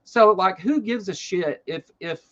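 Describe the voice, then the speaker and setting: A man's voice: high-pitched, unhurried. Rambling lo-fi male commentary host. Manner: animated, rambling, frequent fillers and swearing. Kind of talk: casual political commentary.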